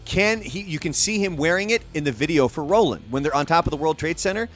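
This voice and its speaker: Animated, foul-mouthed podcast host, a man. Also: a little high, quick pace, faint music behind. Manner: animated, profane, acts out quotes. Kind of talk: casual storytelling podcast chat.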